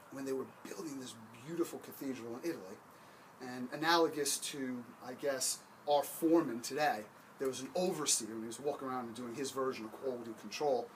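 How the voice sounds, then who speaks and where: A man's voice: medium pitch, a little hiss or hum, poor audio. A man giving a motivational talk about hiring, emphatic and punchy, telling stories.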